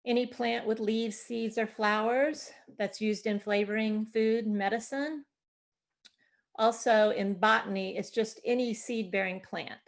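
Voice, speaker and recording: A woman's voice: mid-range voice, gravelly. A woman presenting an online gardening workshop on a video call, explaining in a chatty, informal way with fillers. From Delaware, USA.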